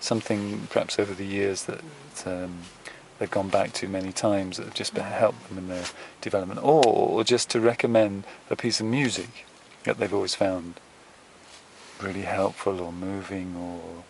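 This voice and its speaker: A man interviewing a guest, asking questions in a soft, encouraging way. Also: low-pitched, fairly even intonation, moderate pace, creaky, slight background noise, poor audio. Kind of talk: interview questions and listening responses.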